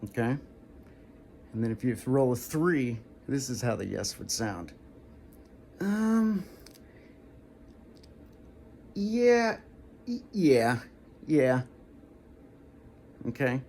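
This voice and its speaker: A man's voice: mid-range voice, vocal fry, a little mellow, a little hiss or hum. A man with a dry throat hosting a casual one-take tutorial video. He talks in a hesitant way, stopping and restarting as he explains things again. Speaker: video host.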